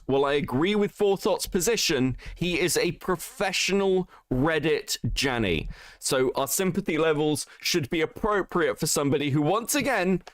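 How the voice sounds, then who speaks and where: Animated sweary male streamer. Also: fairly high pitch, no echo, clean studio sound. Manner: sweary, laughs often, animated. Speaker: streamer host. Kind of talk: casual commentary stream.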